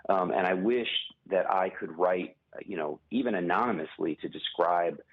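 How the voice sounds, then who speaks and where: A man with a deep, husky voice comes through a tinny phone line. He talks as a guest author in an interview, in a measured, halting way, pausing and restarting as he picks his words. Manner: measured, many pauses and restarts.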